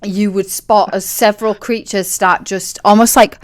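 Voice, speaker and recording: A woman's voice: medium pitch, steady tone, normal speed. A woman narrating as game master of a tabletop game, chatty and playful, with lots of fillers and laughs.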